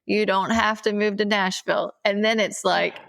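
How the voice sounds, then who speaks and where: A woman co-hosts a casual podcast, talking candidly at a middle pitch. Her voice carries a noticeable gravelly fry. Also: steady tone, moderate pace, a bit bright. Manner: candid, teasing then earnest. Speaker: podcast co-host. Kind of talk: casual chat.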